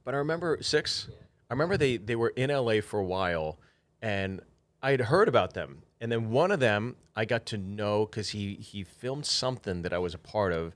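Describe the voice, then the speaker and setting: A man with a fairly low voice co-hosting a podcast. He talks in a loose, conversational way and drops the odd curse word into his stories. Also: moderate pace. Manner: relaxed, conversational, swears casually. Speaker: podcast co-host. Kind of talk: casual chat.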